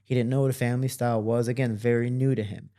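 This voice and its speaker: Animated male fighter telling a story. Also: medium pitch, rapid-fire. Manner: animated, acts out voices in quoted dialogue. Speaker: guest, professional fighter. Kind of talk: casual storytelling.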